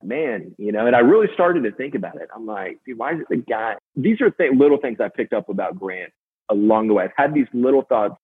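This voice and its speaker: A man guest in a casual interview, telling stories fast and energetically with many fillers. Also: medium pitch, expressive, breathy edge. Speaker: podcast guest, sales manager. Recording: tinny phone-line sound.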